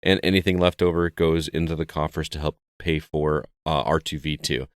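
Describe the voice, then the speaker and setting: Deep, smooth-voiced male podcast host. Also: moderate pace, no room sound, clean studio sound. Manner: relaxed and chatty, reads show plugs. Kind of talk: casual podcast chat.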